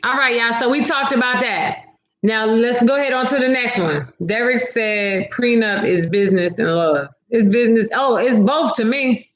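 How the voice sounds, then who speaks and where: A woman's voice: fairly high pitch, moderate pace, roomy sound. A woman hosting a casual livestream, reading viewer comments aloud and talking back to her audience with a sassy, laughing manner.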